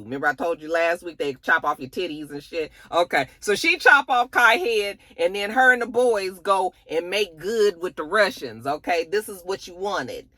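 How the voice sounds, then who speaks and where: A woman's voice: on the low side, bright, forceful tone, no echo. A woman giving a chatty, profane recap of a TV episode, acting out the characters' lines. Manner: chatty, profane, sassy storytelling. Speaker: TV episode reviewer.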